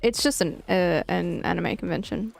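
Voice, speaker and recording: A woman's voice: on the low side, moderate pace, gravelly, soft background music. A young woman with an Australian accent, chatting casually and animatedly while gaming, giggling often and swearing freely. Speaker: streamer.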